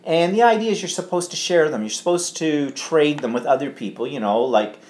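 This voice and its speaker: A man's voice: on the high side, a little fast, a little mellow. A middle-aged man co-hosting a casual live stream, rambling as he reads viewer comments and trips over place names. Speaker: livestream co-host.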